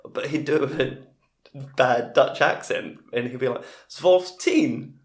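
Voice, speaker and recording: A man's voice: mid-range voice, fairly even intonation, normal speed. Rambling man telling stories. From England. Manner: rambling storyteller with frequent restarts. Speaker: comedian guest. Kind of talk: casual anecdotal chat. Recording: roomy echo.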